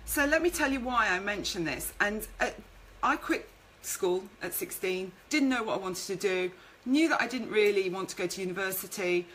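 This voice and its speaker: A woman's voice: mid-range voice, moderate pace, hardly any pauses, a bit bright, low-quality recording. A woman hosting a live-streamed business talk, chatty, reading out viewer comments and telling stories from her career. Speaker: networking show host and speaker.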